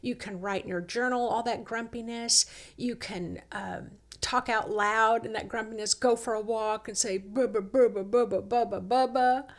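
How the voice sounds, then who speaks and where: A woman hosting a reflective self-help talk, coaxing and unhurried, who slips into quoted inner dialogue. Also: on the high side, fairly even intonation, a bit bright. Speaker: host.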